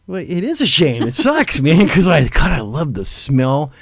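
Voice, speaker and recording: A man's voice: on the high side, huge pitch swings, unhurried, a crowd in the background. A middle-aged man hosting a live talk show in a loose, swearing manner, laughing often. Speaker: host. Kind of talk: casual live commentary.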